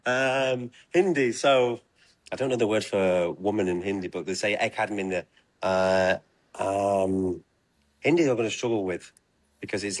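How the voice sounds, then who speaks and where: A man's voice: on the low side, no room sound. A man answering interview questions casually, hesitant and full of fillers.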